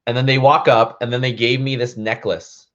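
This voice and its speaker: A man's voice: mid-range voice, level tone, moderate pace, a bit bright. Rambling male vlogger, dull lo-fi sound. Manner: rambling, full of "like" and "um" fillers. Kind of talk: casual storytelling to camera. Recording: dull lo-fi recording.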